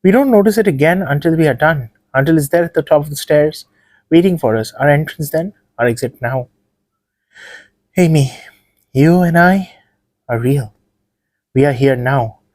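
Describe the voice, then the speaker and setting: A man reading a literary ghost story aloud in a measured, hushed way. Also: fairly high pitch, no room sound. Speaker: podcast host and story reader.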